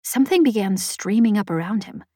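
A woman's voice: medium pitch, animated, a little fast, warm tone, no room sound. Woman narrating a story in a dry voice. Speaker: audiobook narrator. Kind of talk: scripted narration.

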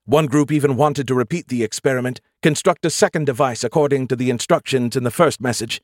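A man's voice: medium pitch, quick pace, no room sound, studio quality, voice pushed up, natural voice. A man voicing a snarky, dramatic male AI with a tiny hologram avatar, whiny and exasperated. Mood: explaining, defensive.

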